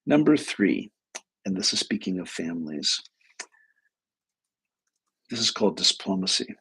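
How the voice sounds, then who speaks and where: Middle-aged guy doing a live advice stream, husky lowish voice, chatty storyteller. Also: a little slow. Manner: storytelling, animated asides. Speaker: host, clinician.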